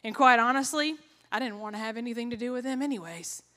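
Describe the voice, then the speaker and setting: A woman's voice: on the high side, fast talker, fairly bright tone. A woman giving an earnest personal testimony, telling her story with quoted asides in an echoey hall.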